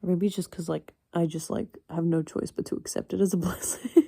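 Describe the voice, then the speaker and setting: A woman's voice: fairly low pitch, steady tone, a little fast, creaky, dark tone, slightly rough, no room sound. An eighteen-year-old woman talking to herself late at night in a rambling, frank way, swearing freely and chuckling often. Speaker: university student. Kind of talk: casual late-night solo chat.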